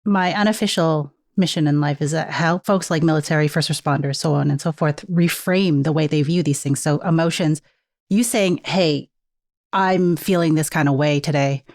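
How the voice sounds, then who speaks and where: A woman's voice: low-pitched, normal speed, a little mellow, no echo, clean studio sound. A woman hosting a podcast, speaking reflectively and framing ideas with military comparisons. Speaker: podcast host. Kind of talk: casual podcast conversation.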